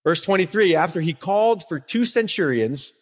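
A man preaching a sermon as a pastor, telling stories in a lively way and acting out the people in them. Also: high voice, moderate pace. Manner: animated storyteller who acts out quotes. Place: church sanctuary. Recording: long reverb of a church hall.

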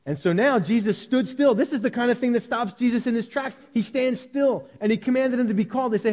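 A high-pitched man preaches a sermon from a church sanctuary. His delivery swings between loud, raised cries and quiet, hushed lines. A long reverb from the big hall trails after his voice. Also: brisk, few pauses. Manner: animated, swings from shouting to hushed. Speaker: pastor.

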